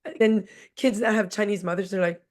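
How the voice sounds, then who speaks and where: This guest is a teacher in her forties whose classroom stories come out candid, blunt and jokey. Her medium-pitched voice has a darkish tone and fairly even intonation, and she talks a little fast.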